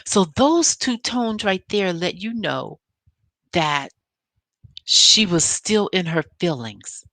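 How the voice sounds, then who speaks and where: Female vlogger, low voice, chatty recap commentary with emphatic storytelling, dry close sound. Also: lively intonation, slow pace, pushed and bright, no echo. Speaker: vlogger recapping a reality show.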